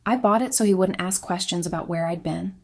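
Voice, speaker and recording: A woman reading a scripted first-person confession in a quiet, subdued, steady way. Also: fairly low pitch, brisk. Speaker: story narrator.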